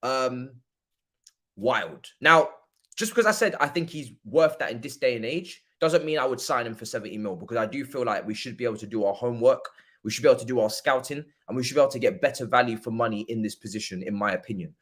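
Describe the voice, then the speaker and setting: A young man hosting a football watchalong stream, talking casually in slang and breaking into loud mock-outraged rants. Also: medium pitch, lively intonation, fast talker. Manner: laid-back football opinions. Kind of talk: casual livestream chat.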